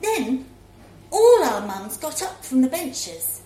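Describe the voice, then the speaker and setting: A woman reading a story aloud in a child's first-person voice, expressive and lively. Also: high-pitched, slow pace. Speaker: story reader. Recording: roomy echo, faint room ambience.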